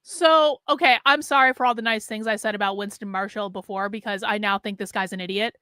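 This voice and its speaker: A woman's voice: medium pitch, fairly even intonation, a little fast, bright, forceful tone, clear, resonant tone, dry recording. A woman hosting a livestream, reacting to clips with blunt, sarcastic, incredulous commentary. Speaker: host, political commentator.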